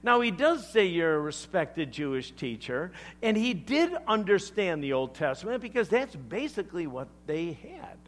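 A man preaching a sermon as pastor, emphatic and animated, leaning on deliberate pauses. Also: high-pitched.

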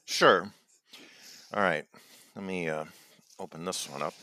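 A man's voice: low-pitched, measured pace, sharp tone, a little hiss or hum. A man co-hosting a casual podcast, talking in stumbling restarts that cut himself off mid-thought. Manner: stumbling, self-interrupting. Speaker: podcast co-host. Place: lives in Virginia.

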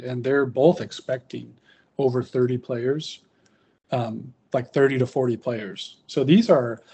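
A man hosting a relaxed podcast chat about tabletop wargaming, rambling with restarts and fillers. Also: medium pitch, slight background noise. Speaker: podcast host.

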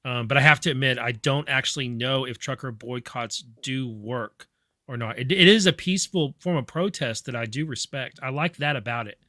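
A man's voice: medium pitch, moderate pace, sharp tone, dry recording, clean studio sound. A man co-hosting a casual podcast, talking earnestly with lots of ums and restarts. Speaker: podcast co-host. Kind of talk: casual chat.

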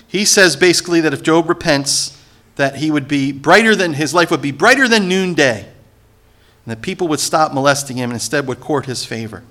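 A male pastor delivers an animated sermon in a slightly high, bright voice. His pitch leaps and falls as he moves between teaching and playing the characters in the text, with pointed sarcasm and calls for the congregation to respond.

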